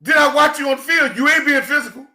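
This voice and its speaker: A man in a passionate, preachy football rant, swinging between shouting and quiet emotion, calling his listeners "church". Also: very high-pitched, quick pace. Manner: preachy, emphatic, calls audience "church". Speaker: football commentator. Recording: echoey room.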